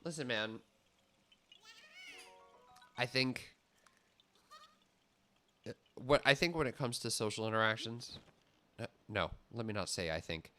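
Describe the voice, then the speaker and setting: Bright-voiced young man rambling on stream. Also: on the low side, a little fast, soft background music. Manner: rambling, self-interrupting, laughs often. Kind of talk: casual gameplay chat.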